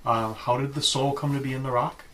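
A man's voice: mid-range voice, steady tone, brisk, a bit bright, slight background noise. A man playing a tabletop game, speaking in character with a dry, joking manner. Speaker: player.

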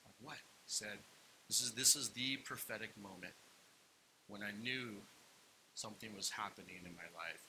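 A young adult man telling a personal story as a sermon, acting out what people said in lively asides. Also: lowish voice, moderate pace, noisy background. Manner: animated personal storytelling, acts out quotes. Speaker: pastor.

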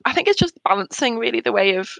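Mum in her 30s, hesitant, bit of vocal fry, dry close sound. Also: on the high side, lively intonation, dry recording, low-quality recording. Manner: hesitant, halting, with soft laughs between thoughts. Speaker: interview guest, bereaved mother. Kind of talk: emotional personal conversation.

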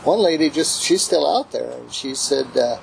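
A man's voice: mid-range voice, expressive, normal speed, gravelly, a little hiss or hum, rough recording. A man chatting casually in a plainspoken, rambling way. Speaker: interviewee. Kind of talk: casual chat.

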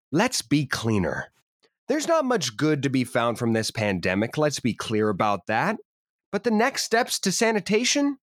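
A man chatting on a podcast, his pitch leaping up and down as he riffs through half-serious rants. He tosses out mock-grand proclamations between rambling asides. The sound is dry and close, with no room in it. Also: no room sound. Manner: animated, jokey, rambling with mock-grand declarations. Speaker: podcast co-host. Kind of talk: casual comedic podcast chat.

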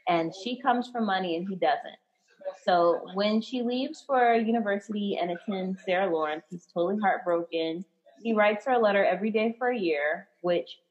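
A woman's voice: mid-range voice, highs cut off. A woman hosting a casual podcast chat, retelling a film with enthusiasm and filler words. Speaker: podcast host.

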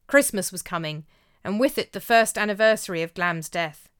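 Smooth-voiced woman storyteller. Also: medium pitch, lively intonation, moderate pace, a bit bright. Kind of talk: storytelling narration.

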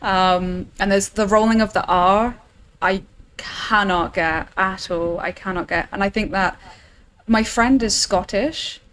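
A woman's voice: medium pitch, unhurried, fairly bright tone, rough recording. Laughing English woman, faint hiss. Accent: Southern English. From England. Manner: laughs often, trails off mid-sentence. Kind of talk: casual chat.

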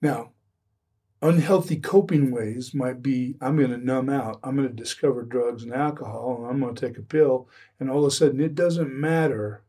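An earnest man talks with a mellow, slightly husky voice, circling back and restarting his sentences as he makes his point. He sits a bit back from the microphone, so the sound is a little distant. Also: mid-range voice, normal speed. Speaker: addiction recovery speaker. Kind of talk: earnest podcast conversation.

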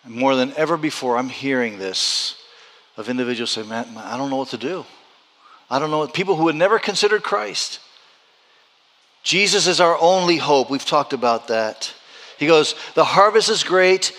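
A pastor preaching a sermon, repeating phrases as he builds to loud, urgent high points. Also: normal speed, big-room sound.

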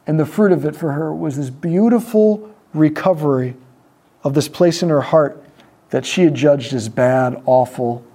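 Mellow storytelling man giving a teaching talk. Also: on the high side, husky. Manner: storytelling, acts out quoted voices, lets pauses land. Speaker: speaker teaching on prayer ministry. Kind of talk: sermon-style talk to a live group.

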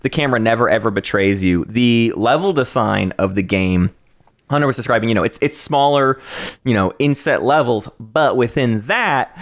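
A man's voice: medium pitch, expressive, normal speed. A young adult man co-hosting a casual podcast, explaining at length with many restarts. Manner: rambling, lots of restarts. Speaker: podcast co-host. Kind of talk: casual chat.

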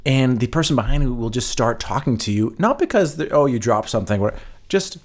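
A man from the States co-hosts a relaxed podcast. He talks freely and often stumbles over his first words. His voice sits at an ordinary middle pitch. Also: quick pace. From United States. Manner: chatty, stammers and restarts often. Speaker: podcast co-host. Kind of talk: casual chat.

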